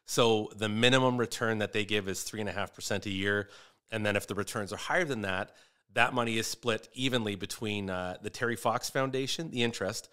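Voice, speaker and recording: Rambling, bright-voiced comedian man. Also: lowish voice, brisk, clean tone. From Canada. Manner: rambling, storytelling with restarts. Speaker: comedian guest. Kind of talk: casual podcast chat.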